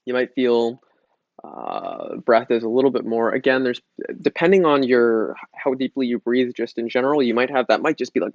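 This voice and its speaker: Man, yoga teacher, relaxed chatty guidance, dull dry lo-fi sound. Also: mid-range voice, moderate pace, no room sound. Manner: relaxed and chatty, jokes around, restarts often. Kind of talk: casual guided breathing lesson.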